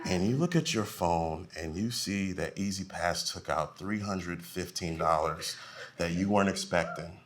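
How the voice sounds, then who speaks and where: Performing stand-up live at a club, this man moves between loud punchlines and low mumbled asides. He has a low voice and an unhurried delivery.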